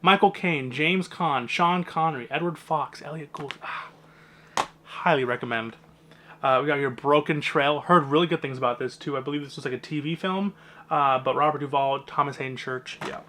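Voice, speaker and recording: Chatty young man, slightly high. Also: normal speed, sharp tone, a little hiss or hum. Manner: chatty and rambling, opinionated asides. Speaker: movie collector vlogger. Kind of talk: casual collection walkthrough.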